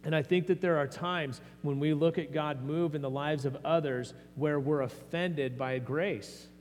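A man's voice: a little high, fairly even intonation, unhurried. A man preaching a sermon as pastor, earnest and conversational, often restarting his phrases. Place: church sanctuary. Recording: long hall reverb, faint mains hum.

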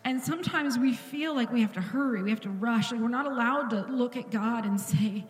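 A woman's voice: a little high, brisk, echoey room, in a large hall. A woman pastor giving an earnest, intimate sermon in a church, at times dropping to a whisper. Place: church sanctuary.

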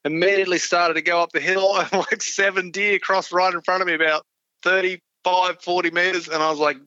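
A man's voice: high-pitched, little pitch movement, a little fast, sharp tone, clean tone, dry recording. A man, a podcast guest telling easygoing, self-deprecating stories in casual chat. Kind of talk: casual chat about hunting. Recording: dull lo-fi dry sound.

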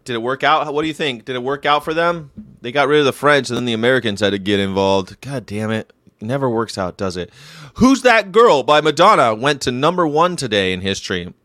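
A man's voice: medium pitch, animated, a little fast, pushed and bright, dry recording. A young man hosting a casual show, commenting on history facts in an irreverent, rambling way, with swearing and jokes. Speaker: show host.

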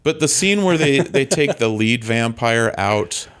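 A man's voice: mid-range voice, lively intonation, unhurried, a bit bright. A man in a casual conversation about movies, making wry, laughing remarks and mock-disgusted asides.

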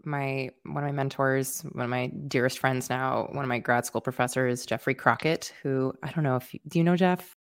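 A woman podcast host, talking in an animated, enthusiastic way. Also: rumbling low, moderate pace, hardly any pauses, smooth, dry recording, studio quality. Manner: animated, enthusiastic, warm laughter. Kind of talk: casual conversation.

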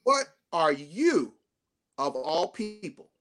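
A bishop preaches with a high voice and a Southern Black way of speaking. He builds phrases up to near shouts, then sinks into soft, slow repeats so his listeners answer him. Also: big pitch swings, a crowd in the background. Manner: call-and-response preaching, rising to shouts then dropping to hushed tones. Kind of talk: sermon.

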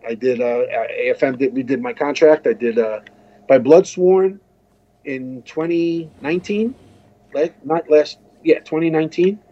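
A man's voice: on the high side, measured pace, highs cut off. An American man telling a long story as an interview guest, rambling with many restarts and asides. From United States. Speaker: guest musician.

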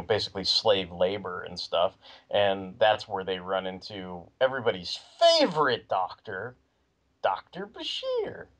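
A man's voice: fairly low pitch, fairly bright tone. A man co-hosting a podcast in casual chat, rambling with lots of "you know" and "like". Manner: rambling, filler-heavy talk. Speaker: podcast co-host. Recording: muffled lo-fi recording.

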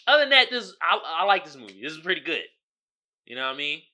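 A man hosting a podcast in casual solo commentary, animated and joking, laughing often, with slangy street talk. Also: fairly high pitch, fast talker. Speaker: podcast host.

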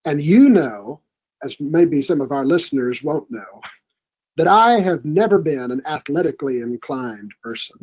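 High-voiced earnest man in a muffled studio. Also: dark tone. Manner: earnest, encouraging. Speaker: podcast guest. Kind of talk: casual studio conversation. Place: recording studio.

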